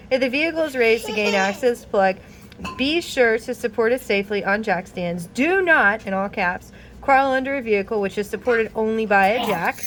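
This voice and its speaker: A woman vlogger casually explaining car repair while reading a manual aloud, chatty and animated with frequent laughs and exasperated asides. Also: a little high, a little hiss or hum.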